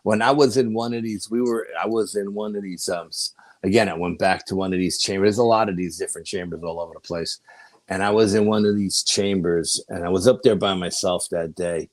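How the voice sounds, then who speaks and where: New York man, guest storyteller, lowish voice, dry close sound, rambling and animated. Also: a little fast, dry recording. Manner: rambling, animated anecdotes with restarts. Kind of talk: casual storytelling.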